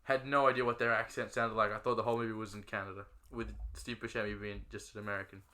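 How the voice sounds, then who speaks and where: A man's voice: lowish voice, little pitch movement, bright, forceful tone. A young man co-hosting a podcast, chatting casually and joking, with frequent swearing. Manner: swears freely, quick joking interjections. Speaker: podcast co-host. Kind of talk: casual film chat.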